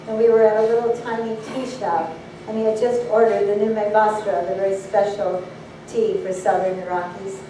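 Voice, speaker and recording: A woman giving a public address, telling stories in an earnest, measured way, recorded from far off in an echoey hall. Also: on the high side, warm tone, slight background noise. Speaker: speaker. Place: banquet hall.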